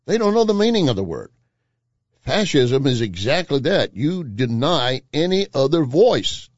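A man hosting talk radio, emphatic and insistent. His pitch swings widely as he repeats key phrases. The sound is dry and slightly dull, like a broadcast feed. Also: big pitch swings, a little slow, no echo. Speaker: radio talk show host.

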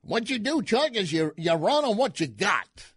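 A man putting on an impression of a folksy older Cajun political strategist, with a high, emphatic drawl. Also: big pitch swings, moderate pace, husky, dry recording, clean studio sound, full character voice. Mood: folksy advising.

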